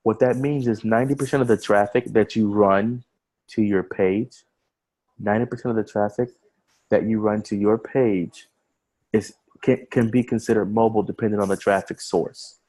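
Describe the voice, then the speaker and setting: A man's voice: lowish voice, fairly even intonation, moderate pace, darkish tone, rough recording. A man giving a casual screen-share webinar walkthrough as an online marketing trainer. He talks over a video call, often repeating words and restarting phrases as he explains.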